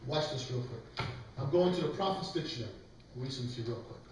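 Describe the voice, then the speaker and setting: Leading a scripture class, this male preacher lectures with emphasis and asks others to read passages aloud. He talks fast in an expressive, medium-pitched voice; the distant mic in an echoey room picks up a little hiss or hum.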